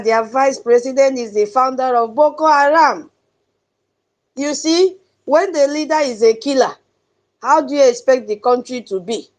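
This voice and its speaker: A woman with a Nigerian accent hosting an online audio space, speaking in an emphatic, preachy advocacy style. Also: a little high. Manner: chanting drum sounds, emphatic and preachy, laughs often. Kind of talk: impassioned advocacy talk.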